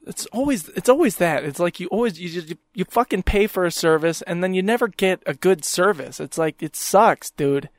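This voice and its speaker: A young man rants through a solo podcast, exasperated and swearing at every turn, his voice sitting a little high for a man. The sound is close and dry, with no room around it. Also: moderate pace, dry recording. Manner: exasperated, swears constantly, mocks people in quoted voices. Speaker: podcast host. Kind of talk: profane ranting monologue.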